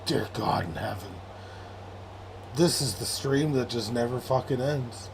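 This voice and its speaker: A man's voice: medium pitch, unhurried, gravelly, noisy background. A young man hosting a late-night sports livestream, rambling and sarcastic, with frequent swearing as he reads chat aloud. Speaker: livestream host.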